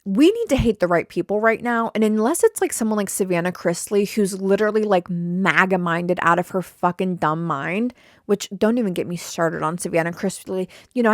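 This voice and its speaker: A woman's voice: medium pitch, dry recording. A chatty young woman hosting a solo podcast from a small home studio, blunt and fond of repeating herself. Her voice sits mid-range for a woman. The sound is dry and close, with little room sound. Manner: chatty and blunt, with repeated words, swearing, and mock quotes. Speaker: podcast host. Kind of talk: casual solo podcast chat.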